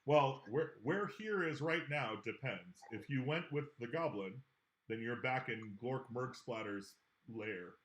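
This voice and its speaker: A man running a tabletop game as game master, animated and swearing freely. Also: medium pitch, roomy sound, highs cut off. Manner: animated, swearing, quick to laugh.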